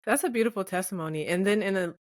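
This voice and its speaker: A woman's voice: medium pitch, fast, dry recording, studio quality. A woman hosting a faith podcast, talking casually and affirming her guest. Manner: warm affirming listener with soft reactions. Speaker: podcast host.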